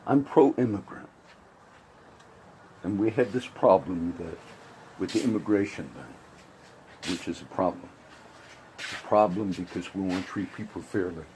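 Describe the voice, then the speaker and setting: Low, mellow-voiced man rambling commentary. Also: animated, unhurried, long pauses, a little hiss or hum, rough recording. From grew up around Puerto Rican and Cuban friends. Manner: rambling, with many restarts and asides. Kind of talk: casual spoken commentary.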